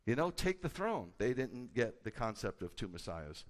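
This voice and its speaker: A man, a rabbi, preaching a sermon with a conversational manner and bursts of loud, emphatic delivery. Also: medium pitch, normal speed. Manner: animated, rising to loud emphatic peaks. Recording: hall with long reverb.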